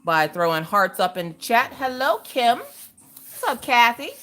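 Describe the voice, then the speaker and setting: Woman, livestream host, chatty and casual, very lively pitch, calls out viewers by name. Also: a little slow. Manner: animated, greets viewers in the chat by name. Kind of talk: casual livestream chat while crafting.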